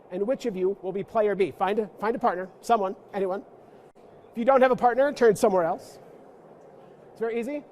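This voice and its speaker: A man's voice: sits high, darkish tone, a little hiss or hum. A man giving an interactive lecture to a church audience, playful and self-mocking, with joking asides. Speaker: guest lecturer. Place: church forum room.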